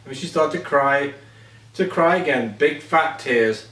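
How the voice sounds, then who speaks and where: A man's voice: fairly high pitch, measured pace, a bit bright, distant mic. A man reading a children's picture book aloud, sometimes stumbling over words and correcting himself. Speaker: reader. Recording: echoey room, voice away from mic.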